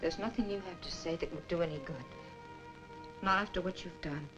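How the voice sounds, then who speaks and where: A bitter young woman turns a man away in clipped, cutting sentences, as an actress plays her. Her voice sits at an ordinary middle pitch. A film score plays clearly beneath her. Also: a little fast, lightly acted, poor audio. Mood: cold. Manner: cold, cutting, building to anger. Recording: old film soundtrack with music.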